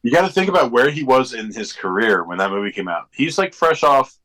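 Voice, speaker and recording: A man's voice: mid-range voice, very animated, a little fast, a bit bright, rough recording. A man co-hosting a podcast in casual chat, rambling and digressing with lots of fillers. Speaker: podcast co-host.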